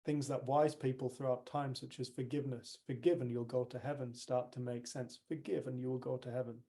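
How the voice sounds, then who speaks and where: A man leads a workshop with a motivational talk. His voice is gravelly and mellow, with a relaxed, conversational delivery that turns to storytelling in quoted dialogue. He speaks at an ordinary, mid-range pitch for a man. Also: fairly quick. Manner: conversational, retelling stories with quoted dialogue and growing animation. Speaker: workshop leader.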